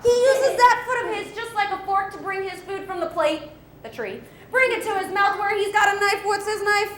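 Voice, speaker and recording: A woman's voice: very high voice, animated, moderate pace, a bit bright, reverberant. A woman wildlife educator giving an upbeat live animal presentation to children, asking them questions and laughing often.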